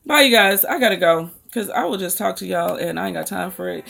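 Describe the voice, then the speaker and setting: A woman's voice: lowish voice, animated, a little fast, creaky, a bit bright. An American woman hosting a live book stream, chatting casually and rambling to her viewers. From United States. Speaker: book channel host.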